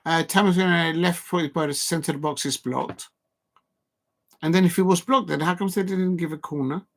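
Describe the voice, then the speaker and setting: Excitable man commentating a live match stream. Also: a little high, normal speed, gravelly. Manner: excitable, chatty, reads out chat. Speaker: football watch-along streamer. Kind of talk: live watch-along commentary.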